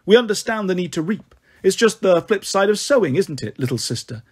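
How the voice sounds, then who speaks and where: A man voicing a menacing male swordsman villain who taunts his opponent in a low, hushed way. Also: very animated, fairly quick, slightly rough, exaggerated voice. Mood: taunting.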